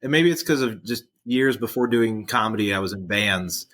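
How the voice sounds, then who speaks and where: A man's voice: lowish voice, lively intonation, moderate pace, fairly bright tone. A man talking as a comedian guest in casual chat, rambling with many fillers.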